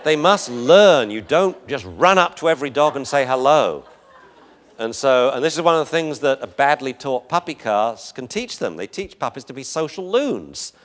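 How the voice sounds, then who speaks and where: A man giving a lecture on dog behavior while narrating video footage. His pitch swings widely, rising and falling as he talks. He chuckles often and slips into voices for the dogs. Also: sing-song, moderate pace.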